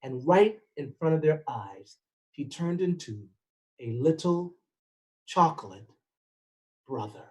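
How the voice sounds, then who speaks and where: A man telling a folk-style story with expressive, dramatic pacing. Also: on the high side, slow pace, pauses often. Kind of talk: storytelling performance.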